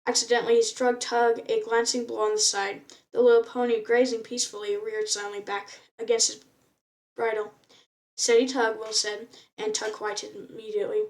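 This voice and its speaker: A woman reading a novel aloud, unrehearsed and plain. She often trips over words and goes back to restart them. Her voice sits somewhat high. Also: completely flat delivery, brisk, distant mic. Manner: unpolished reading, frequent stumbles and restarts. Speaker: reader.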